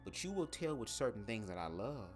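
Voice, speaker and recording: A man hosting a casual livestream, talking straight to his viewers in an animated, profane way from a home setup at his microphone. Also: lowish voice, brisk, faint music behind. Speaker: livestream host. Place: home setup, speaking to camera. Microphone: desk microphone.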